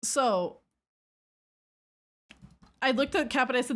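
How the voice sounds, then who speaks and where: A woman streamer chatting casually with her viewers, telling a rambling story in an animated way and squealing when she gets excited. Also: on the high side, takes it slowly.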